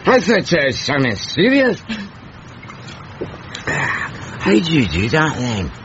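An actor playing a chatty, offhand old homeless drinker in a radio comedy, on a dull lo-fi recording. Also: male voice, fairly high pitch, wildly swooping pitch, takes it slowly, background noise, exaggerated voice. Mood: wry. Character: old male tramp, drinker, chatty and unbothered.

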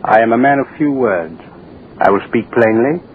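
An actor playing an arrogant, menacing state official who speaks curtly and with contempt, in 1940s radio-acting style. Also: male voice, mid-range voice, expressive, normal speed, close to an everyday voice. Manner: curt, domineering, contemptuous. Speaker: propaganda official, His Excellency. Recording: dull old radio recording with faint hiss.

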